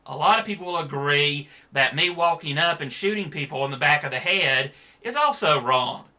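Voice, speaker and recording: Blunt, sharp-toned man ranting. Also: a little high, normal speed. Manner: blunt, sarcastic, frank. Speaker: vlogger. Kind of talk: opinion rant to camera.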